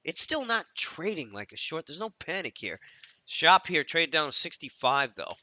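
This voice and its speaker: Profane man thinking aloud, sharp voice. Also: fairly high pitch, big pitch swings, moderate pace. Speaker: trader hosting a live stream. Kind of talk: live trading commentary.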